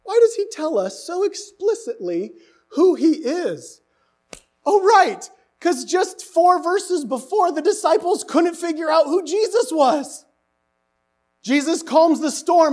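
High-voiced animated preaching man. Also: a little slow. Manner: animated, rising to near-shouts for emphasis; rhetorical questions to the congregation. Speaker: pastor. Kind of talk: sermon.

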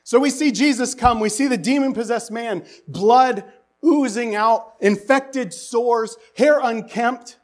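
A man preaching a sermon, animated and asking the congregation rhetorical questions, his voice rising to near-shouts for emphasis. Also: very high-pitched, slow. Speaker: pastor.

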